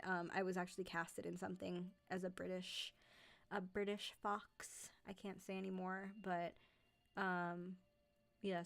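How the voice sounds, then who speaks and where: A woman's voice: on the low side, creaky. A young woman chatting casually on a live stream, rambling, with many fillers and self-corrections. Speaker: streamer and narrator.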